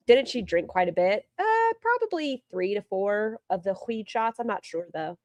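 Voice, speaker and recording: A woman's voice: mid-range voice, very animated, moderate pace, darkish tone, dry recording. A woman streamer giving casual, sarcastic commentary while reacting to a video and greeting her chat. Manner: sarcastic, teasing asides to chat.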